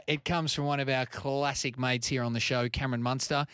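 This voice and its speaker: A man's voice: medium pitch, fairly even intonation, a little fast, a bit bright, clear, resonant tone, no echo. A man with an Australian accent, co-hosting a sports radio show with dry, wisecracking remarks. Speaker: radio co-host. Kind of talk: casual sports radio banter. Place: radio studio.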